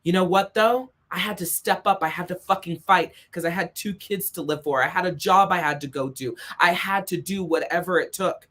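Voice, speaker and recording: A life coach with a fairly low, slightly bright voice speaks at normal speed, barely pausing. Her motivational monologue is blunt and emphatic, full of swearing, and she repeats her points to hammer them home.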